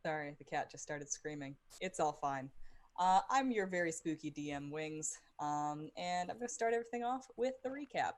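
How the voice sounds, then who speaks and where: A woman narrating a recap and describing scenes as dungeon master, often pausing with ums. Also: low-pitched, expressive. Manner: hesitant, many ums. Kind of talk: narrating a tabletop game.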